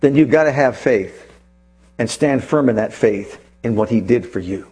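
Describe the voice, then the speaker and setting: A man preaching a sermon, swinging from hushed, low asides to soaring, fervent scripture recitals. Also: animated, normal speed, slightly rough, soft background music. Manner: chants scripture with rising fervor.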